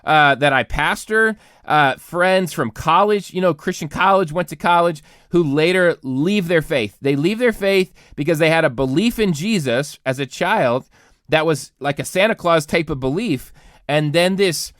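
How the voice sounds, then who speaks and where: A man's voice: on the high side, moderate pace, a bit bright, no room sound, clean studio sound. A congested man, a pastor co-hosting a podcast, talking earnestly in casual chat with many restarts.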